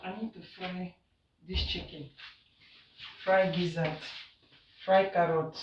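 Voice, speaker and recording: A woman's voice: on the low side, steady tone, slow, distant mic. A Nigerian woman talks to her followers while she cooks, teasing and laughing as she goes. She sits away from the mic in a roomy kitchen, with a faint hiss underneath. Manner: chatty and teasing, laughs often. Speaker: social media commentator. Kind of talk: casual commentary while cooking.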